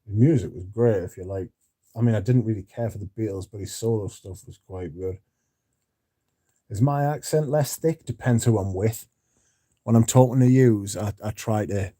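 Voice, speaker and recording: Blunt, sweary man, mellow low voice. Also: moderate pace, no echo, studio quality. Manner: blunt and profane; reads out viewer comments. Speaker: livestream host. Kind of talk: casual livestream chat.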